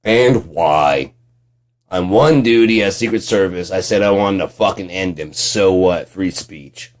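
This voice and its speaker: A man ranting at home in a vlog, swearing constantly and yelling in bursts. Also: low voice, unhurried. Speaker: vlogger. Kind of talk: profane political rant.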